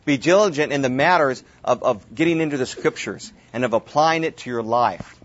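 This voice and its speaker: A man's voice: medium pitch, moderate pace. A man teaching a Bible study class, talking casually and restarting words as he goes. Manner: repeats words as he restarts, casual asides to the group. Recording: dull lo-fi room recording.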